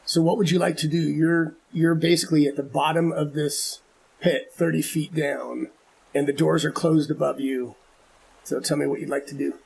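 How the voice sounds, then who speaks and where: Gravelly husky man running a tabletop game. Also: a little high, level tone, moderate pace, a little mellow. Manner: patient, explains rules step by step. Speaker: game master.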